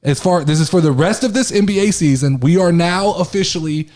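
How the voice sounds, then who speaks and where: A man co-hosting a casual sports podcast, telling stories in an excitable way and swearing now and then. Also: on the high side, a little fast. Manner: excitable, animated storytelling with swearing. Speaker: podcast co-host.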